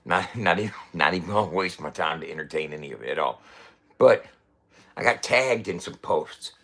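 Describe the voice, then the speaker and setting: A man's voice: sits low, lively intonation, normal speed, a bit bright. A middle-aged man ranting in a casual, profane way, swearing often and coughing between lines. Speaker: website founder ranting to camera.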